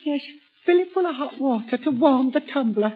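A woman's voice: high-pitched, lively intonation, moderate pace. An actress playing a fussy, hypochondriac old mother in a comic sketch, whining and self-pitying. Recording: tinny, phone-like old recording.

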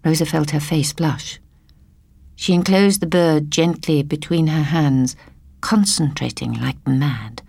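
A woman reading a story aloud in a soft, hushed storytelling manner, often slipping into a whisper. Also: low-pitched, slow pace, gravelly, slightly rough, dry recording. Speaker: narrator.

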